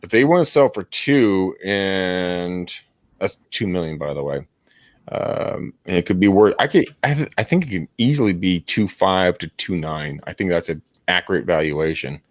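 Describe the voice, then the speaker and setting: A man in his thirties, a real estate agent hosting a casual call session, telling stories with profanity and loud laughter. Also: low-pitched, expressive, moderate pace, no echo. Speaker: real estate agent hosting a live cold-calling stream. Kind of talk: casual chat, storytelling.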